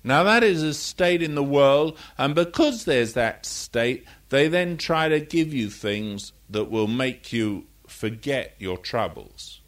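A man's voice: medium pitch, slow pace, few pauses. An older man delivers a sermon in a loose, conversational way. He wanders into personal stories and stops to correct his own slips, keeping the tone of a chat more than a speech. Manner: conversational, rambling with anecdotes and self-corrections. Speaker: preacher.

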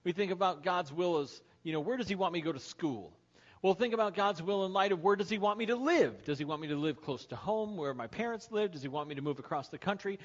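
A man with a high, animated voice talks fast while opening a sermon as pastor with a told joke. He acts out the characters' lines and their shouting, in low-fidelity sermon podcast sound.

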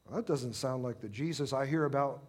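A middle-aged man preaching a sermon, impassioned, swelling to loud pleading when he acts out prayers. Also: mid-range voice, brisk.

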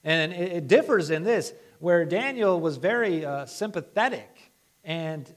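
A man's voice: fairly high pitch, lively intonation, unhurried. Man preaching a casual sermon. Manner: conversational preaching, rising to emphatic stress.

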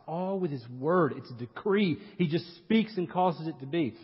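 A man's voice: on the high side, animated, moderate pace, few pauses, slightly rough. A middle-aged man, a pastor, preaching a sermon in an earnest way, with rhetorical questions and personal asides. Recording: dull recording with long hall reverb.

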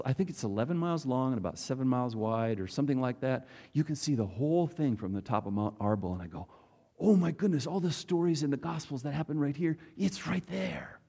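A man's voice: medium pitch, darkish tone. A man preaching a casual, conversational Bible teaching, asking his audience questions as he goes.

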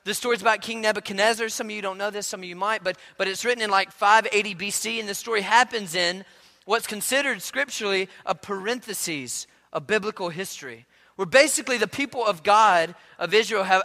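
A male pastor preaching a sermon in a relaxed, conversational storytelling way, often repeating words as he goes. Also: high voice, big-room sound.

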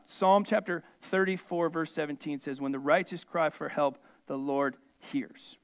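A man's voice: a little high, a little slow, few pauses, fairly bright tone. A male pastor preaching a sermon to his church in a conversational, folksy way, with asides and rhetorical questions.

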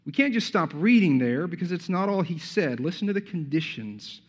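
A man's voice: sits high, sing-song, normal speed. A man preaching a sermon as pastor, talking conversationally with frequent restarts and rhetorical asides.

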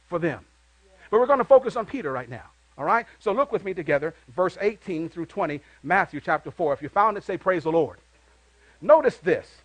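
A man preaching a sermon with a high, bright-sitting voice, recorded close and dry with no room sound. He calls on the congregation to answer back and lifts into loud bursts of praise. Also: animated, fairly quick, dry recording, low-quality recording. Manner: call-and-response preaching, rising into loud exclamations. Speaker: pastor.

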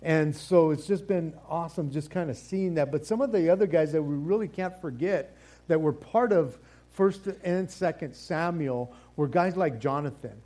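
A man with a fairly high, mellow voice, speaking at a normal speed, leads a casual Bible study. He rambles with many fillers and repeated words, sometimes playfully acting out the figures and exchanges he describes.

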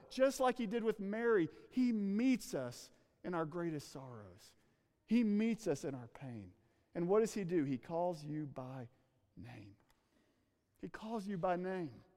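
Man, pastor, sermon, high-pitched voice, earnest, hushed emphasis, long hall reverb. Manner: earnest, slows and drops to a hush for emphasis. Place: church room with a congregation.

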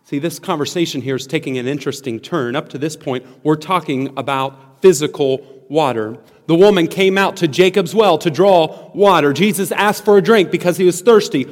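A man preaching a sermon, emphatic and earnest, often restarting words as he explains. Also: a little high. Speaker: pastor. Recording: long hall reverb.

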